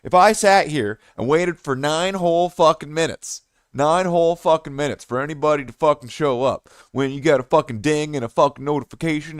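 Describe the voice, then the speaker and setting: A man's voice: on the high side, smooth, no room sound, studio quality. Profane, rambling male game streamer. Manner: rambling, heavily profane ranting with many restarts. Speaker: live streamer and gaming host. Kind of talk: live stream commentary.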